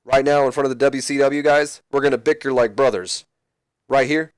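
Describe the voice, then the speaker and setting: A man voicing a swaggering male wrestler who brags about himself in the third person with slow, drawn-out lines. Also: mid-range voice, steady tone, no room sound, natural voice. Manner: drawn-out, boastful.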